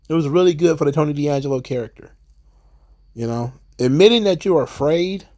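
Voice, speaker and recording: A man giving a casual, chatty recap of a wrestling episode, paraphrasing what the characters said in quick offhand voices. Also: a little high, a little mellow. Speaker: wrestling show reviewer.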